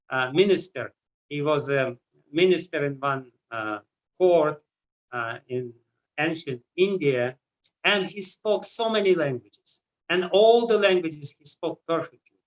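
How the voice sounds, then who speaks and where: A man with a heavy Russian accent gives a scripture lecture, his voice bright and slightly high for a man. He speaks in a measured way, pausing often with "uh" as he works through each point. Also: rough recording. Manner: measured, with frequent "uh" pauses. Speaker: spiritual teacher.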